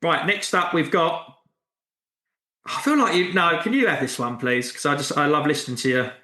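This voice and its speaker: A man's voice: on the high side, moderate pace, bright, forceful tone. A man co-hosting a gaming podcast, given to teasing, mock-earnest banter. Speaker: podcast co-host. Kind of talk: casual comedic banter. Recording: echoey room.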